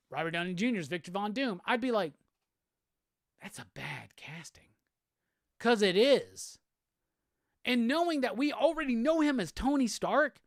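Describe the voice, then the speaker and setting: Heavy profanity and repeated phrases fill this heated solo rant from a high-voiced male host. The recording is clean and studio quality, with no echo.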